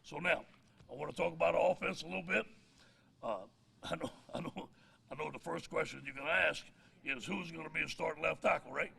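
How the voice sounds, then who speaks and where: A man's voice: fairly high pitch, a little fast, gravelly, bright, forceful tone. A middle-aged man, a head football coach giving a press conference speech with folksy stories and jokes. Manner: folksy storyteller, laughs at his own jokes.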